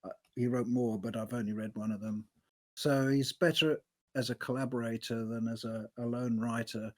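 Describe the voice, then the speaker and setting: A man co-hosting a casual book discussion, speaking in a measured, thoughtful way. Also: mid-range voice, steady tone, darkish tone. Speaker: book podcast co-host.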